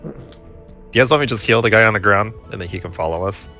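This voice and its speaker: A man's voice: fairly low pitch, fast, sharp tone, soft background music. A man playing a tabletop game, chatting eagerly about his character's moves. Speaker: player. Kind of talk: casual tabletop game chat.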